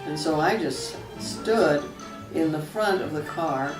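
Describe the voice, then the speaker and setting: An older woman from Texas, a mother, reminiscing in a chatty, unhurried way during a family interview. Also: low-pitched. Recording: roomy, distant mic, music behind.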